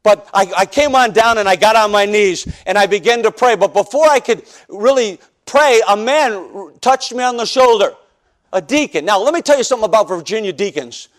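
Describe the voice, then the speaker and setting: A pastor from the northern United States preaching a personal testimony sermon, telling his story with animated, joking storytelling that acts out scenes. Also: sits high, fairly quick.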